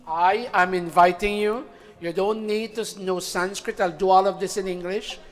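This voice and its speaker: A man's voice: high voice, steady tone, normal speed. A man leading a weekly gathering, making casual announcements and addressing people by name in an informal, friendly way. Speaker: spiritual teacher leading a satsang. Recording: long hall reverb with faint music.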